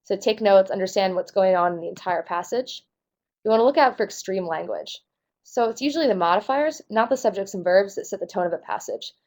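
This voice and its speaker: A woman's voice: medium pitch, lively intonation, brisk, a little mellow. Young woman tutoring through test answers. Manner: casual, self-deprecating, talks through answer choices.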